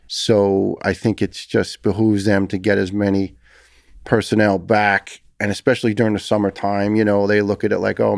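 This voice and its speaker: As a guest on a podcast, a middle-aged man with a New York accent, once a firefighter, recounts his story conversationally, in an intense, earnest way that keeps restarting. His lowish voice is gravelly and darkish, and the studio-quality sound has no echo.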